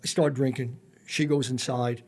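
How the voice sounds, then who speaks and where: A man's voice: mid-range voice, steady tone, normal speed, a little mellow, breathy edge. A man, a former federal agent, telling blunt and profane stories full of quoted dialogue as a podcast guest. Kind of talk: storytelling in a casual interview.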